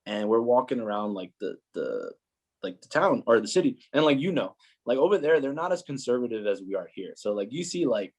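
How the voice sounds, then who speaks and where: A young man, a footballer, talking as a podcast guest in a relaxed, animated way, full of fillers, acting out the voices of people in his stories. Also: medium pitch, fairly quick, breathy edge. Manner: animated, many filler "like"s, acts out quoted voices. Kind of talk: casual storytelling chat.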